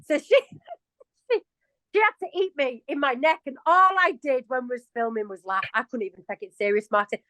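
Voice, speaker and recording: A woman in her early forties with a broad Yorkshire accent talks casually as an interview guest. She is chatty and self-mocking and laughs often. Her voice sits high, and the sound is close and dry, with little room tone. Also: normal speed, pushed and bright, no room sound, low-quality recording. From England. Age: 40s.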